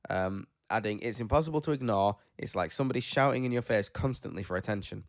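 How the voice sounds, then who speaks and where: A man's voice: fairly low pitch, fast, no echo, clean studio sound. Tired, rambling man. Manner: rambling, self-deprecating, stumbles over names. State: tired after being ill. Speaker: podcast host. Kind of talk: casual chat, reading news stories aloud.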